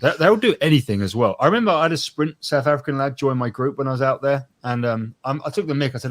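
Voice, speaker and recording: A man's voice: mid-range voice, expressive. A man, a guest in a casual chat, telling stories and acting out what others said. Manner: storytelling, fast, acts out quotes.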